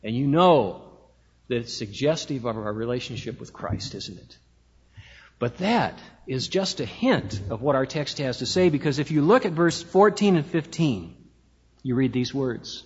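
A man preaching a sermon in a church, measured and slowing down to stress key words. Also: mid-range voice, expressive, slightly rough. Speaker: pastor. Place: church sanctuary. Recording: dull lo-fi sound with long hall reverb.

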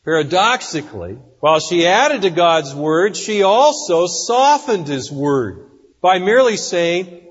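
Husky-voiced man preaching in a reverberant hall. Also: high-pitched, expressive. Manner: deliberate, emphatic preaching with acted-out quotes. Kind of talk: sermon. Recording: dull audio with long reverb in a hall.

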